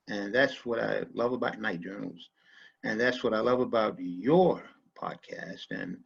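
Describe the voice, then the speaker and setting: Male podcast guest, husky voice, thoughtful and halting, muffled lo-fi audio. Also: medium pitch. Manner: halting, repeats words, reflective. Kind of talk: casual conversation.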